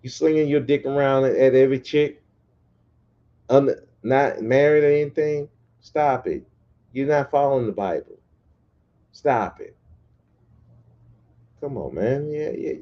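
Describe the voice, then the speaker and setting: A man's voice: mid-range voice, unhurried, pauses often, dull audio. A man hosting a podcast livestream, ranting bluntly and profanely in a casual, repetitive way. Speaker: podcast host.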